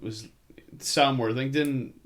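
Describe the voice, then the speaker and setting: A man's voice: medium pitch, fairly even intonation, slow pace. A middle-aged man co-hosting a podcast, chatting casually about movies and rambling with many fillers. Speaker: podcast co-host.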